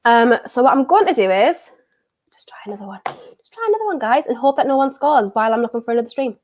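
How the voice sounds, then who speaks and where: A woman's voice: high-pitched, very fast, darkish tone. A young woman with a British accent, chatting casually and rambling on a football watchalong live stream while she has a cold. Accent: British English. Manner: chatty and rambling, with frequent fillers.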